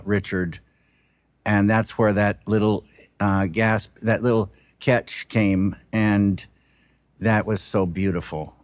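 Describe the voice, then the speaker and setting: A man with a lowish voice talks slowly and reflectively as a film director in an interview. He speaks softly, halting often and restarting his thoughts. The sound is dry and close, with no room around it. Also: no echo. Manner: halting and soft-spoken, with many restarts and trailing pauses.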